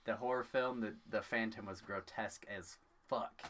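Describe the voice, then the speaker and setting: A man's voice: fairly low pitch, fairly even intonation, moderate pace, fairly bright tone. A young man in casual conversation, telling loose stories and swearing freely. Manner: laid-back storyteller, swears freely, mimics voices in bursts. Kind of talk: casual chat.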